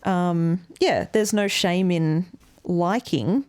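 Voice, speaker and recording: Low-voiced woman co-hosting a chatty podcast. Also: slow, a little mellow, clear, resonant tone. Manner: chatty and playful, laughs often, trails off with fillers. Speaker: podcast co-host. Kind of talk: casual chat.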